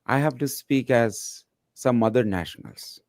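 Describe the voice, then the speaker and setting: A man's voice: medium pitch, a little mellow, no echo. Man hosting a webinar, dry sound. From India. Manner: curious, questioning, halting. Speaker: webinar host.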